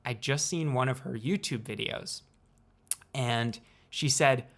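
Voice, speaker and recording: A young man, a student video creator, hosts a casual explanatory vlog. His mid-range voice is a bit bright, and he stays playful and unhurried, leaving deliberate pauses between phrases.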